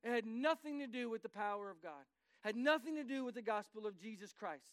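A male pastor preaching a sermon, driving his points home in rising emphatic bursts and turning aside to speak to the congregation. His voice sits high and rings smooth and clear. The recording is close and dry, with no room echo. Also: lively intonation, a little fast, fairly bright tone.

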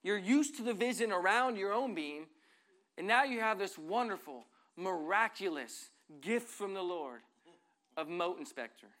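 A middle-aged man preaching a sermon as pastor, earnestly reading scripture and moving between loud and soft passages. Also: high voice, animated, a little slow.

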